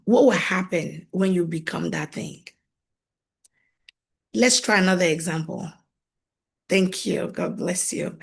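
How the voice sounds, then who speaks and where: A woman marriage coach gives an animated faith-based talk, frequently laughing, acting out quoted voices and repeating phrases for emphasis. Her voice is on the low side, slightly rough, with vocal fry.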